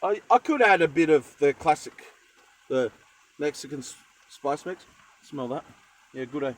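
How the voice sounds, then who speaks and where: Chatty Australian man, slightly high voice. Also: animated, normal speed, slight background noise, poor audio. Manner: rambling, jokey, chatty asides. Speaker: cooking vlogger. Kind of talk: casual cooking chat. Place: van kitchen.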